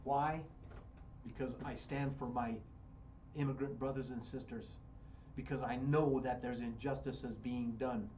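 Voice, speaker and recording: A man's voice: mid-range voice, fairly even intonation, measured pace, a little mellow, a little hiss or hum. An American man hosting a radio show, giving fiery political commentary and repeating phrases for emphasis. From United States. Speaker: radio host.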